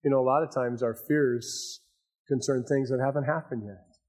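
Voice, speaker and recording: An older man preaching a sermon as pastor, swinging between raised emphasis and hushed asides. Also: mid-range voice, steady tone, normal speed.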